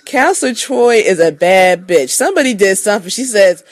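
A woman giving a casual, gushing recap of a TV episode, excitable and sleepy, repeating herself as she talks. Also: mid-range voice, moderate pace, hardly any pauses, no echo. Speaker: podcast contributor.

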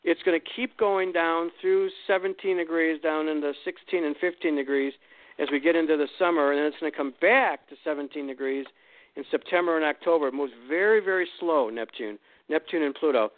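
A man walks callers through their astrology readings in a relaxed, explanatory way, filling pauses as he goes. His voice is a bit high. It comes through a dry, tinny phone line. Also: dry recording. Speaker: guest astrologer. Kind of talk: call-in radio astrology reading.

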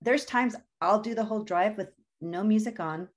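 A woman's voice: mid-range voice, normal speed. A woman, a guest author, speaking in an earnest, reflective way as she tells personal stories in a conversational interview.

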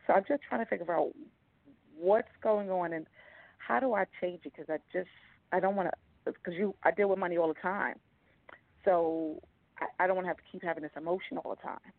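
Woman caller who keeps restarting her sentences, gravelly fry, heard over a tinny phone line. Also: lowish voice, steady tone, fairly quick, no room sound.

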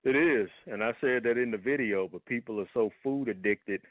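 A man's voice: mid-range voice, moderate pace, slight background noise. A man speaking as a health guest on a radio talk show, blunt and heated in his manner. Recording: tinny phone line, dry.

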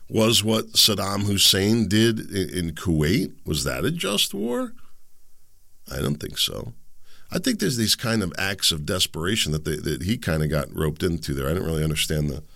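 Guy with a deep voice doing a solo opinion rant, rambly, keeps tripping on words and asking listeners stuff. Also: very animated, moderate pace, gravelly, bright, forceful tone, no room sound, clean studio sound. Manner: rambling, frequent restarts and stumbles over words; conversational, asks the audience direct questions.

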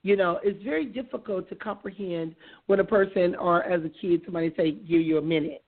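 Hoarse, gravelly woman hosting a talk show. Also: on the low side, brisk. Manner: chatty, laughs easily, says things twice. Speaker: radio show host. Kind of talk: casual talk show chat. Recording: tinny phone-like sound.

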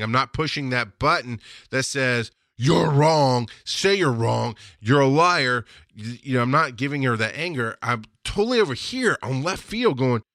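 A man's voice: medium pitch, pushed and bright, dry recording, studio quality. A middle-aged man hosting a podcast, talking in a casual, rambling way and often breaking into laughter. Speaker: podcast host. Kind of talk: casual livestream monologue.

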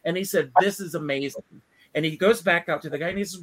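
A male host with a somewhat high voice, talking in a relaxed, conversational way. He asks his guests questions and tells an easygoing joke of his own. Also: fast talker. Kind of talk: casual interview chat.

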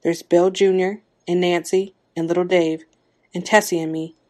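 Quiet, regretful village husband in a story reading, lowish and subdued, voiced by a woman. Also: flat delivery, normal speed, natural voice. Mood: resigned.

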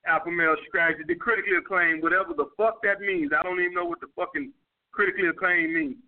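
A man's voice: sits high, fairly even intonation, fast talker. A man with a New York accent, working as a dating coach, giving blunt, profane advice in casual street slang while answering viewer questions. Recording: tinny phone-like audio.

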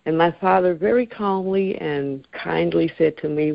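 A woman in her sixties talks calmly and earnestly as a radio guest, her voice low and gravelly. The sound is dry and a little dull, like lo-fi radio. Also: unhurried, hardly any pauses, no echo. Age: 60s. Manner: calm, reflective, earnest. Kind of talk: radio interview.

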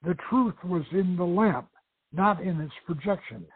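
Male radio host, dramatic novel reading, husky voice, slightly raised pitch, tinny phone-like line. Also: expressive, dry recording. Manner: measured storytelling narration.

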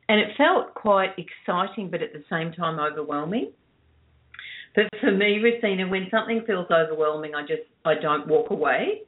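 A woman's voice: lowish voice, expressive, moderate pace. An older woman, a radio producer being interviewed, telling stories in a chatty way and laughing often. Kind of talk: casual interview chat. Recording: tinny phone line.

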